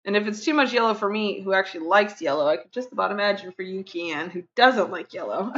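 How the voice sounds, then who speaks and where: A woman game streamer chats casually with her viewers while playing, her medium-pitched voice animated and a little fast over dull audio. She rambles, fiddles, talks to chat, and counts under her breath.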